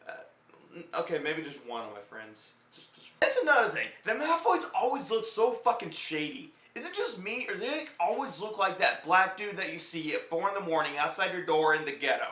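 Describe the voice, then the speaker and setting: Young male vlogger, high bright voice, rambling profane jokey review, roomy echo. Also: big pitch swings, fairly quick. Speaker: film reviewer. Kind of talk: casual film review.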